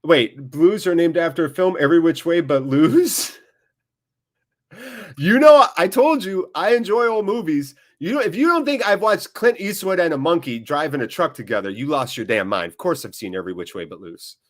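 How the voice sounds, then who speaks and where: A man hosting a live football watchalong, chatting casually, joking, getting excited and reading out viewer comments. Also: a little high, normal speed. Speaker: watchalong host.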